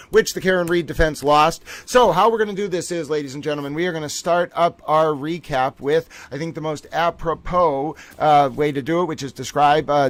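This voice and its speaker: Male streamer host, higher-pitched voice, dry close sound, excitable and theatrical, trial-recap commentary. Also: dry recording. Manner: animated, theatrical, keeps saying "ladies and gentlemen".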